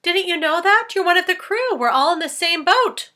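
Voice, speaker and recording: Brief: a woman playing a gentle, motherly storybook ladybug, high and bright. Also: expressive, moderate pace, heavily acted. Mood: kind. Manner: gentle, reassuring. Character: kindly motherly ladybug, female.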